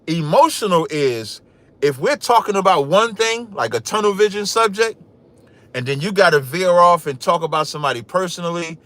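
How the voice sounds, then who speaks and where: Male podcast host, naturally loud and cocky, trash-talks with a sharp, forceful edge and reads scripture aloud. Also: high voice, lively intonation, moderate pace. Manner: loud, boastful, trash-talking. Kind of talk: livestream commentary with scripture reading.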